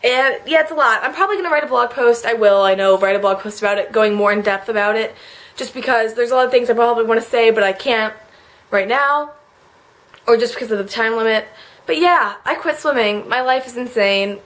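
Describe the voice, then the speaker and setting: A teenage girl speaks straight to her camera in a confessional vlog, her voice sitting a little high. She rambles and leans on filler words, and she sounds close to tears the whole way through. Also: fairly quick, fairly bright tone. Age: late teens. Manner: rambling, emotional, many "like" fillers. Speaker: vlogger.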